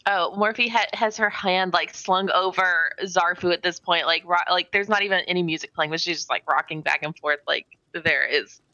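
Woman tabletop player, bright crisp voice, chatty. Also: fairly low pitch, normal speed, few pauses, dull audio. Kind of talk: casual tabletop play.

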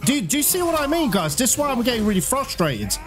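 A man's voice: very high-pitched, big pitch swings, quick pace, over music. A man commenting on his own gameplay, getting frustrated and swearing at a boss he can't beat. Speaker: let's play gamer.

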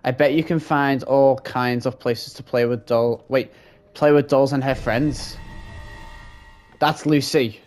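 A man commentates on a horror game he is playing, his pitch in the middle range for a man. He reacts in a jumpy, frightened way and swears often as he plays. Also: steady tone, slow pace, darkish tone. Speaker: gaming channel host. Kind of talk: let's-play commentary.

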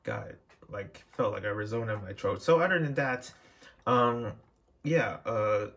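A man's voice: fairly low pitch, lively intonation, measured pace, creaky, fairly bright tone. A young man chatting casually to his viewers as a vlogger, rambling with frequent restarts and fillers. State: dry throat, out of breath. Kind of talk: casual chat to camera.

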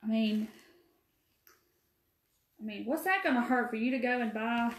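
A woman with a Mississippi Southern accent, hosting a live craft demo, talking folksy and chatty and answering viewers by name. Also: on the high side. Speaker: craft live-stream host. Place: empty room. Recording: echoey room.

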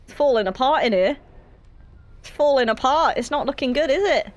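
A woman's voice: sits high, lively intonation, fairly quick, lo-fi sound. A young woman streaming a horror game, chatty and giggly with rambling asides. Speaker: gaming streamer. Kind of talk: casual let's-play commentary.

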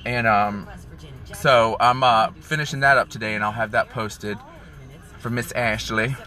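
A man's voice: lowish voice, steady tone, measured pace, pushed and bright, soft background music. A man chatting sassily to viewers on a phone live stream from his car. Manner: chatty, sassy, calls viewers y'all and honey. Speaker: vlogger doing a live stream. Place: in a car in the rain.

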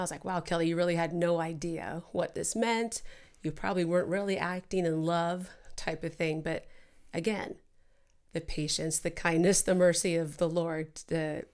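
A woman co-hosting a church Bible discussion, talking in a warm, devotional way about her own prayer life. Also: sits low. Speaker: church podcast co-host. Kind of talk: casual reflective Bible discussion.

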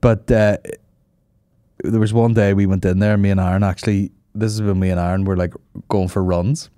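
A man hosting a comedy podcast, bantering with animated, profane asides. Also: fairly low pitch, moderate pace, clear, resonant tone, no echo, studio quality. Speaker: podcast host.

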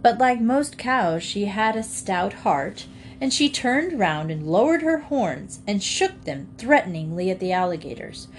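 A woman reading a children's storybook aloud in a clear, expressive way. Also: medium pitch, unhurried, slight background noise. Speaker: audiobook reader.

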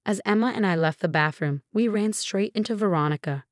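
A woman narrating a first-person story in an even, steady way. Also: mid-range voice, fairly quick, no echo, clean studio sound.

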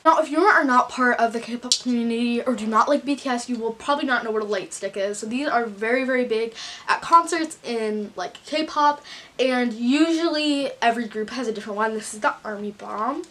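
A woman's voice: fairly high pitch, fairly quick, fairly bright tone. A teenage girl from the United States telling a casual storytime vlog, gushing and saying "like" constantly. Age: teens. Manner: gushing, filler-heavy, with many "like"s. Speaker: vlogger.

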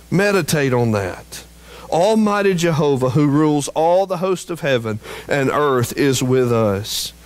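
Slow and emphatic, this man preaching as pastor rises in pitch and volume at climactic moments, then sinks low and soft for the key phrases. It's a low-quality recording.

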